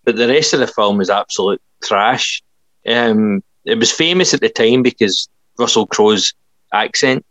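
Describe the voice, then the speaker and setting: A man's voice: fairly low pitch, measured pace, fairly bright tone, dry recording, poor audio. Man rambling through film gossip. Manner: laughing, rambling film reviews. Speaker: podcast co-host. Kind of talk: casual chat.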